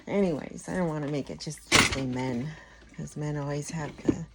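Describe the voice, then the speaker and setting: A woman's voice: low-pitched, normal speed, heavy background noise. A middle-aged woman chatting casually at home in a morning vlog, rambling and laughing often. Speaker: vlogger.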